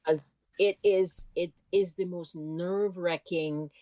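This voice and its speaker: A woman's voice: fairly low pitch, steady tone, slow pace, warm tone, no echo. A woman co-hosting a podcast, reacting to the recap and adding her own experience in casual chat. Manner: reactive, chimes in with personal asides and laughter. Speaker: podcast co-host.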